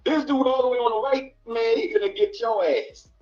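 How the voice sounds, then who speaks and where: A man's voice: very high voice, fairly quick, a little mellow, highs cut off, soft background music. A man hosting a casual reaction show, giving blunt, preachy commentary and swearing freely. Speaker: host.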